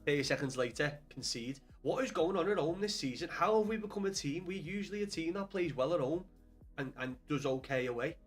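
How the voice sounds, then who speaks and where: A man's voice: on the high side, lively intonation, fairly quick, husky, faint music behind. A young man with a Scouse accent chatting casually on a live stream about football, swearing often and calling viewers lad. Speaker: livestream host.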